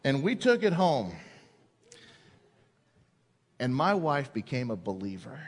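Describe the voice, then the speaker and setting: A man's voice: mid-range voice, very animated, takes it slowly, a little hiss or hum. A male pastor preaching a sermon, telling a personal story and acting out the voices of the people in it before turning to scripture. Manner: storytelling, acts out quoted voices, builds to emphasis. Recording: long hall reverb.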